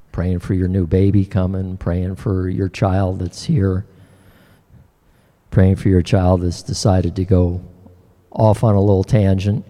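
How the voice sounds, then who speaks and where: An older man preaching a sermon as pastor, earnest and emotional, often pausing and restarting his words. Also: deep voice, dark tone, long reverb tail.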